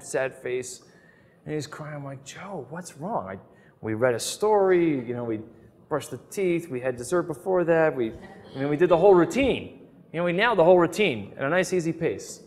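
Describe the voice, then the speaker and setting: A man's voice: mid-range voice, a little mellow, long reverb tail. A middle-aged man giving an earnest, emphatic talk on prayer, telling stories as he teaches. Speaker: Catholic speaker. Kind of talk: sermon-style teaching talk.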